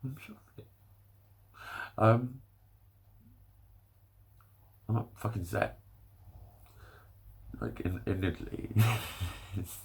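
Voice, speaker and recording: A husky, lowish-voiced young man with an English accent vents to his camera in a long, swearing rant. He sounds exasperated and keeps laughing at his own points as he goes. The delivery is loose and unscripted. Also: extremely slow, pauses often, a little mellow. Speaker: vlogger. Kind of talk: ranting monologue.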